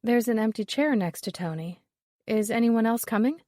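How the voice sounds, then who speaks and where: A woman's voice: on the high side, animated, normal speed, a little mellow, no echo, studio quality, close to an everyday voice. A woman reading a curious young woman.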